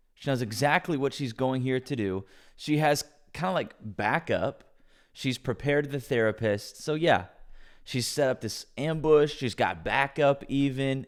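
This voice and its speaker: Scornful man giving reaction commentary. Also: medium pitch. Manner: scornful, mocking.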